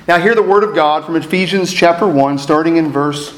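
Pastor preaching in an echoey room. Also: male voice, on the high side, brisk. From East Texas. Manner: reflective storytelling with self-deprecating humor. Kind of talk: sermon.

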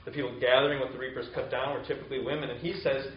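A man delivers a sermon in a casual, conversational tone, paraphrasing scripture with everyday asides. His voice sits at a middle pitch. The recording is roomy and a little dull, with a faint hiss behind it. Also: level tone, quick pace, few pauses. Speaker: preacher. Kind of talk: sermon retelling a Bible story.

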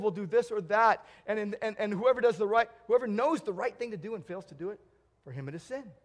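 A man preaching a sermon in a church, earnest, swinging between emphatic declarations and hushed, quiet stretches. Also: high-pitched. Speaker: pastor.

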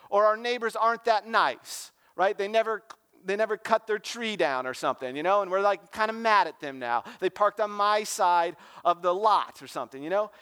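Youth pastor guy, high voice, super casual and jokey, lots of "like" and "right?". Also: bright, forceful tone, clean tone. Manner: informal and joking, with lots of "like" and "right?". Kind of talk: casual sermon talk.

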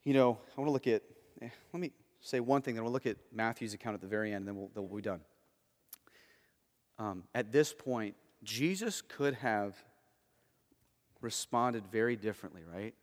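A male pastor preaching a sermon, moving between hushed and emphatic delivery. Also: on the low side, moderate pace, pauses often, in a large hall.

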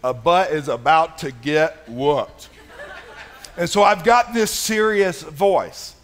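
A man in his thirties preaching with a notably high voice. He talks casually, with many fillers. He moves between soft storytelling and punchy, emphatic stresses. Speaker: pastor. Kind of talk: sermon. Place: church.

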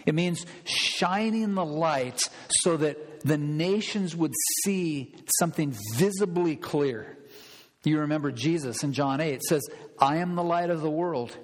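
A man's voice: fairly high pitch, unhurried, in a large hall, poor audio. A man preaching a sermon as pastor, emphatic and repeating key phrases for stress.

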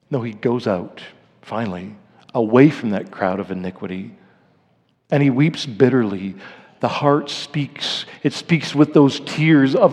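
A pastor preaching a sermon, his voice dropping to grave, hushed lows and then climbing to emphatic, rising peaks. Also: lively intonation, moderate pace, husky, in a large hall.

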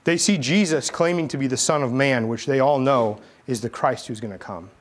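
A man preaching a sermon as pastor, telling stories in a casual, animated, conversational way. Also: medium pitch, brisk. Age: adult, army veteran.

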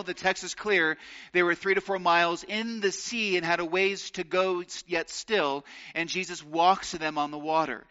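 A man preaching a sermon, earnest and slowing down to stress key phrases. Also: on the high side, pushed and bright, muffled recording. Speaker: pastor.

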